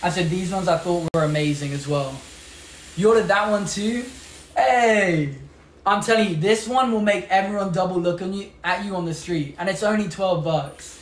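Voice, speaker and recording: Young man, British accent, high voice, chatty live-stream host, reverberant room, light background noise. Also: a little fast. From England. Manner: chatty, upbeat, reads out and answers viewer comments. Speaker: livestream host. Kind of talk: casual live-stream product showcase.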